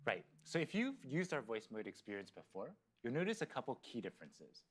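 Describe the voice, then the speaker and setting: Man presenting a live tech demo, animated pitch, eager, on stage. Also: brisk, slight background noise. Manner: eager, explains in lists with fillers.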